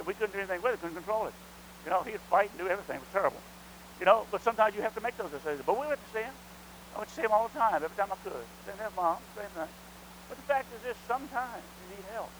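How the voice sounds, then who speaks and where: A man's voice: fairly high pitch, fairly bright tone, slight background noise, low-quality recording. A middle-aged man preaching a sermon, asking the congregation rhetorical questions and calling for amens. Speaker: pastor.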